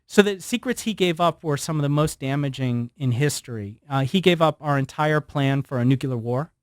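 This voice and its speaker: A man's voice: fairly high pitch, normal speed, no room sound, studio quality. A man in his forties, a guest on a radio show, telling a story with animation and acting out what people said. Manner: animated storyteller who acts out quotes. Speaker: guest, former FBI surveillance specialist. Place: radio studio.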